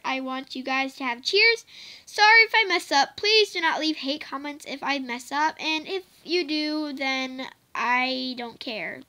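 A woman's voice: high voice, sharp tone. A female vlogger chatting casually to the camera, giggly and apologetic, rambling with lots of fillers. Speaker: vlogger teaching softball cheers.

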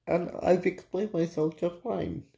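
Slow, mellow-voiced frustrated vlogger. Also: mid-range voice, fairly even intonation, creaky. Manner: halting, restarts sentences, swears under breath. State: frustrated and irritated. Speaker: cannabis vlogger, host of own channel. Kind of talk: casual late-night venting to viewers.

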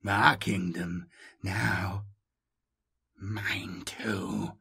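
A sinister, mocking robot voice that purrs and drops into husky half-whispers, as a man puts it on for an audiobook. Low and quiet, with a creeping, unhinged menace. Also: animated, unhurried, no room sound, clean studio sound. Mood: menacing. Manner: purring, hushed, half-whispered.

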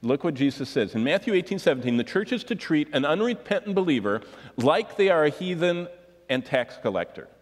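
A man's voice: on the high side, big pitch swings, brisk. Earnest male preacher in a reverberant hall. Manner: earnest, emphatic preaching with rhetorical questions. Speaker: pastor. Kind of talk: sermon.

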